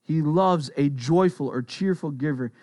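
A pastor giving a sermon in an earnest, conversational way, with quick asides. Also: male voice, on the high side, a little mellow, no echo, studio quality.

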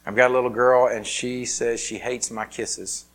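A man preaching a conversational sermon with lots of fillers and restarts. He swings between loud emphatic peaks and quiet, hushed asides. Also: mid-range voice, level tone, moderate pace, low-quality recording. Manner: casual, filler-heavy delivery with many restarts. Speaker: pastor.

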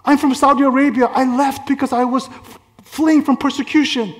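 A man's voice: extremely high pitch, steady tone, moderate pace, pitched above the performer's own voice. A man doing a fervent, grateful woman. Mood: earnest. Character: grateful, fervent woman in a hospital waiting room.

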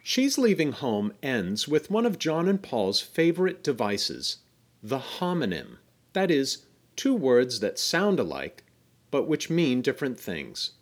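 Man narrating a podcast, lively pitch. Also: a little slow. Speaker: podcast host.

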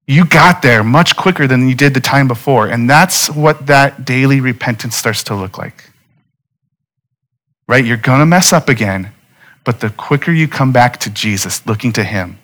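A man's voice: mid-range voice, bright, forceful tone. Earnest man preaching a sermon. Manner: earnest, conversational preaching with direct appeals. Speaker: pastor.

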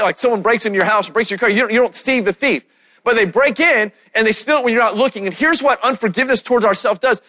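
Pastor, male, high voice, preaching with building emphasis to a congregation. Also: pushed and bright. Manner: preaching with rising emphasis and repeated questions to the crowd. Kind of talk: sermon. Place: church stage.

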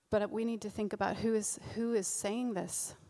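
A woman preaches in an earnest, informal way, circling back over her phrases as she speaks. Her voice has a gravelly fry and stays fairly flat in pitch. It rings out with the long reverb of a church hall. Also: a little slow. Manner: earnest, repeats and restarts phrases. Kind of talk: informal sermon.

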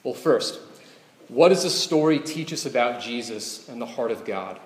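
A man preaching in an easy, conversational way, with his voice at a middling pitch. He keeps checking in with the congregation through rhetorical questions. His words ring through a roomy hall with a long, lingering reverb. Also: moderate pace. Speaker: pastor. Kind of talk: sermon.

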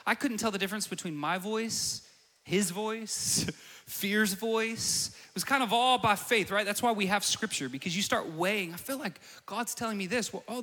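A young man preaching in a church hall, his voice sitting high and sounding bright and forceful. He moves from storytelling into emphatic declarations. A long reverb trails behind his words. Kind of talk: sermon.

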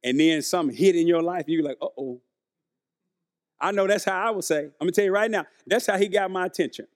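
Casting: male preacher, high voice, chatty sermon, keeps asking the room questions. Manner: conversational, questions the congregation, acts out quotes.

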